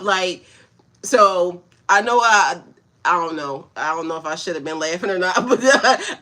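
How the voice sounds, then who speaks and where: A woman's voice: medium pitch, sharp tone. A woman spiritual coach talking casually on a livestream, laughing often and greeting her viewers by name. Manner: loose, chatty storytelling.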